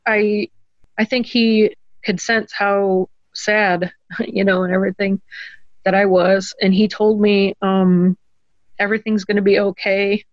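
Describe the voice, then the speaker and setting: A woman's voice: medium pitch, level tone, dry recording, lo-fi sound. Earnest woman telling a personal story. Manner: earnest, halting, many ums and restarts. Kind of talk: conversational storytelling.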